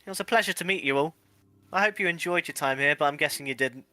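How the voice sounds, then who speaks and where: A man voicing a gentle young ghost. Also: on the high side, quick pace, dry recording. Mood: wistful. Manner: earnest, a little sheepish.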